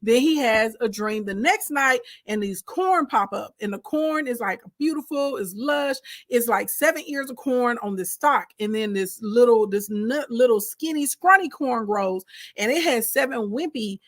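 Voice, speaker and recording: A woman casually retelling a Bible story in animated, slangy, conversational speech. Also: on the high side, normal speed, no room sound.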